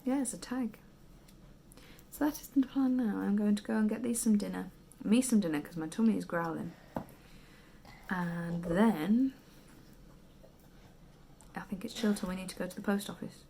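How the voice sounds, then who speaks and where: A British woman in her thirties talks casually into a handheld camera, tired and chatty. Her voice has a gravelly, fry-tinged edge, and she keeps slipping into hushed, whispered asides. A faint hum of noise sits under her. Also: mid-range voice, moderate pace, long pauses. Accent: British English. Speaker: vlogger and mother. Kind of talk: casual vlog chat.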